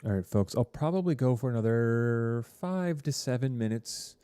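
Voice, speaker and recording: On a live stream with no room sound, a man teaching a high school TV production class chats casually with students, full of fillers and rambling asides. His voice is mellow and smooth, animated, at a moderate pace.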